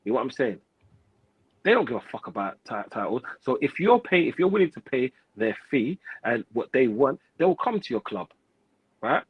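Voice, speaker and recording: Ranting man, husky and profane. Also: mid-range voice, very animated, dry recording, dull audio. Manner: profane, rapid, repetitive street slang. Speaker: football pundit host. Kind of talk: heated fan rant.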